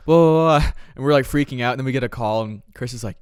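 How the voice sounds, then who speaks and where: A man's voice: medium pitch, fast talker, a little mellow, smooth, no echo, clean studio sound. A young man co-hosting a casual podcast, telling a story in a laid-back way and laughing along. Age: young adult. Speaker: podcast co-host. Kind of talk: casual chat.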